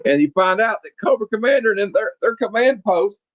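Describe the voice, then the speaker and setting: A middle-aged man casually reviewing a comic book, retelling it in an animated way and acting out the characters. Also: high-pitched, a little fast, no echo, lo-fi sound.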